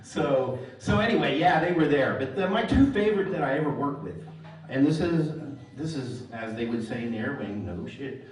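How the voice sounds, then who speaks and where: A man's voice: mid-range voice, animated, normal speed. Man doing stand-up in an echoing hall. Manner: dry storytelling with pun punchlines. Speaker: stand-up comedian. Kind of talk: stand-up comedy set. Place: large hall on stage before live audience. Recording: echoey hall, mic at a distance, crowd laughter. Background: audience laughter.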